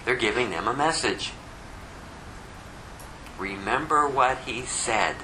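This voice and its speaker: A man's voice: medium pitch, expressive, takes it slowly, bright, forceful tone, reverberant, slight background noise, rough recording. A man preaching a sermon, emphatic and driving his points home with repeated rhetorical questions.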